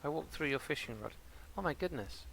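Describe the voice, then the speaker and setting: Brisk, gravelly, and a bit bright, this slightly high male voice is expressive, with a little hiss or hum underneath. He's an English streamer and dad to a son, rambling through casual game commentary with a British accent and talking back to the on-screen characters. He records at home in front of a green screen.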